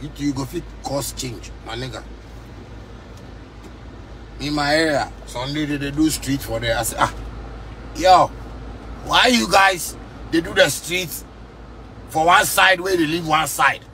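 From the driver's seat, a musician vlogger from Ghana rants at the camera in heated, repetitive street talk with a Ghanaian Pidgin English accent. His voice is fairly high-pitched and sharp, and he keeps a measured pace with many pauses. A faint hiss or hum can be heard.

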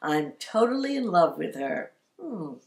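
A woman's voice: fairly low pitch, very animated, a little slow. A woman co-hosting a vlog in casual chat, playful and theatrical. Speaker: vlog co-host. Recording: echoey room.

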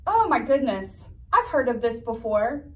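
Woman, kids' camp leader, playful questions, high lively voice, distant mic. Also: unhurried. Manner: playful, asks the kids questions. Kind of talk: children's camp teaching. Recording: mic from far off.

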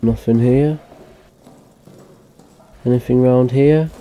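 A gamer streams a horror game, giving let's-play commentary as he mutters to himself and swears in frustration. His voice is medium-pitched, steady, slow, and dark in tone.

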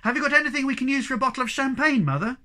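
Reader playing an excited, teasing young troll boy. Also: high-pitched, very fast, voice pushed up. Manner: eager, jeering.

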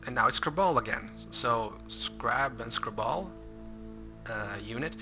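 A man's voice: medium pitch, expressive, measured pace, creaky, pushed and bright, faint music behind. A man commentating a game playthrough, reading on-screen text aloud and adding wry asides. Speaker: let's play commentator. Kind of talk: gameplay commentary.

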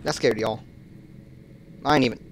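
A man's voice: mid-range voice, normal speed, slight background noise. A man hosting a gaming channel, casually joking and cursing through a horror game and yelping at scares. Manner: casual, joking and cursing, jumpy, bursting into loud yelps. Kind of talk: horror game let's play commentary.

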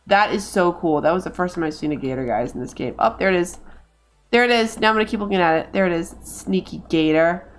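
A woman's voice: lowish voice, quick pace, soft background music. A woman in her thirties giving casual let's-play commentary, chatting to her game characters and to her viewers. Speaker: game streamer.

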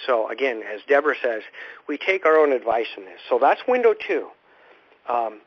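A man's voice: medium pitch, very animated, moderate pace, slightly rough. Male radio host, informal spiritual teacher, meandering delivery with frequent restarts; muffled lo-fi broadcast. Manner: rambling, repeats words when restarting thoughts. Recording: dull lo-fi radio recording.

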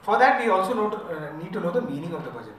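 High-voiced Indian man teaching in echoey hall. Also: very animated, rapid-fire. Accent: Indian English. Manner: explains with gentle humor, mixes in Hindi. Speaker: bhajan workshop leader. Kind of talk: teaching talk with sung examples. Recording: echoey hall from far off, music behind.

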